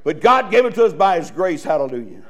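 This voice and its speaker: A man's voice: fairly high pitch, big pitch swings, fast talker, fairly bright tone. A male pastor preaching a sermon in a folksy, joking way, full of restarts and chuckles. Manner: folksy, joking preaching with laughs and repeated starts.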